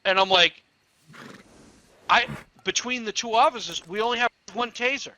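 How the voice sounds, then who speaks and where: This police officer's voice is extremely high, at a normal speed, on a low-quality recording with a little hiss or hum. Telling stories casually while gaming, he swears freely, laughs in the middle of tales, and animatedly acts out whoever he's quoting.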